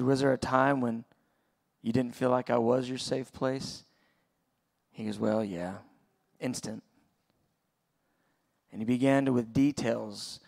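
A pastor in his forties preaching a sermon, telling a personal story in a conversational, halting way. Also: mid-range voice, gravelly. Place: church auditorium.

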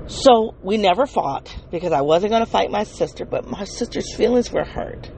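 A podcast host telling an emotional personal story in a halting way, with many restarts and self-corrections, and speaking straight to the listeners. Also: medium pitch, expressive, vocal fry, darkish tone, a little hiss or hum, rough recording. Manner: earnest, addresses listeners directly.

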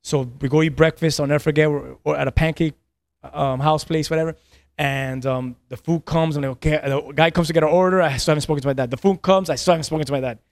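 Speaking quickly with a fairly high, steady, darkish voice, a man in his thirties tells a personal story on a podcast. He's a pastor, earnest in manner, often repeating words and laughing between lines. There's no echo.

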